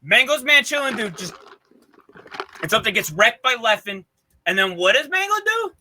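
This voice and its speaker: A man's voice: very high-pitched, big pitch swings, moderate pace, pushed and bright, slight background noise. A man co-hosting a podcast, telling a story in loose, profane, enthusiastic casual chat. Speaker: podcast co-host presenting a segment.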